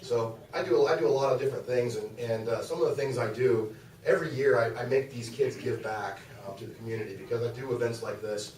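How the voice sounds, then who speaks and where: A man's voice: mid-range voice, brisk, a little mellow. Folksy man telling stories in an echoey hall. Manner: folksy, rambling, many restarts and fillers. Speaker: guest speaker, youth basketball coach. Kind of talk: casual storytelling speech to a club. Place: meeting room, speaking to an audience. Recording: echoey room, voice from far off.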